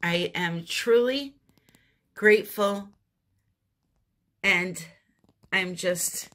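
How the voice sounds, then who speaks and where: A woman with a light New England accent talks viewers through a resin art project. Her delivery is slow and unhurried, chatty and upbeat, and she laughs easily at herself. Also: medium pitch, fairly bright tone. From northeastern United States. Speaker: resin art channel host. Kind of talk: casual craft tutorial.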